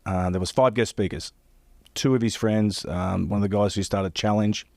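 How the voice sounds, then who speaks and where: A man telling stories about his caddying career in a casual chat. He rambles, repeats himself and acts out phone calls in quick bursts. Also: fairly low pitch, fairly even intonation, creaky, darkish tone, dry recording, clean studio sound.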